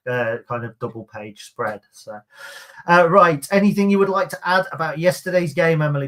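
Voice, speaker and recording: A man's voice: medium pitch, fairly bright tone. A man hosting a casual football fan podcast, chatting and reading out listener comments. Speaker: podcast host.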